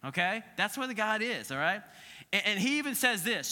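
A man co-hosting a podcast, teaching scripture in a casual, animated storytelling way and acting out quoted voices. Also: high-pitched, brisk, in a large hall.

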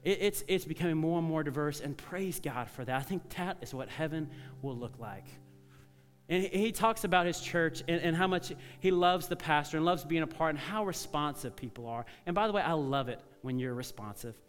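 A male pastor preaching a sermon, telling stories in a conversational way and dropping to soft, earnest tones. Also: a little high, a little fast, in a large hall, soft background music. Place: church sanctuary.

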